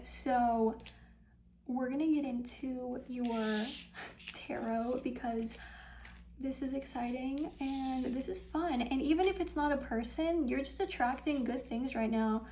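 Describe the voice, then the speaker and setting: A woman's voice: high voice, warm tone, slight background noise, rough recording. Chatty young woman reading tarot cards. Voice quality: vocal fry. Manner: chatty, upbeat, many ums and little laughs. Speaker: tarot reader. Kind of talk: casual pick-a-card tarot reading.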